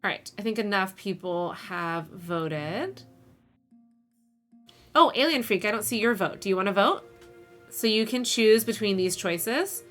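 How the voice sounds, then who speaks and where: A woman's voice: medium pitch, lively intonation, a little slow, a bit bright, faint music behind. A woman streaming a game, playfully reading out options and chat messages and laughing often. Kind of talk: casual livestream game narration.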